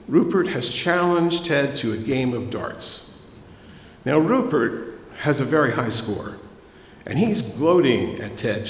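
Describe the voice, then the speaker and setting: A man's voice: mid-range voice, slight background noise. A man, a minister, giving a sermon in a conversational storytelling way and speaking directly to his congregation. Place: church sanctuary. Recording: echoey hall ambience.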